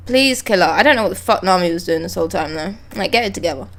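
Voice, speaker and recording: Live on stream, a young woman reads lines from a manga, interrupting herself with swearing and thrilled outbursts. She speaks fast, in a fairly low register.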